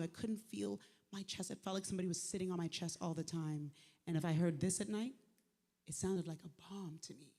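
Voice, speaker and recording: A speaker in their forties, giving a live inspirational talk in animated storytelling mode. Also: mid-range voice, long reverb tail. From Montreal, Canada. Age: 40s. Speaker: speaker at a faith event. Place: large venue, live on stage.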